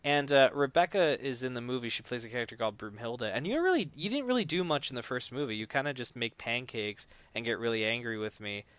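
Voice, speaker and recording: Animated and quick, with few pauses, a man with a clear, resonant voice of medium pitch guests on a podcast to discuss no-budget filmmaking. He rambles casually, restarting a lot and acting out quoted dialogue loudly. There's no room sound.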